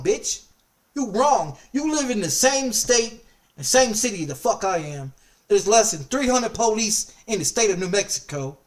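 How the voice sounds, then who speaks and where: A man's voice: sits high, recorded from a distance. A man streaming a casual chat, telling a story in an angry, profane way and repeating himself often. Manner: angry, profane, heavily repetitive.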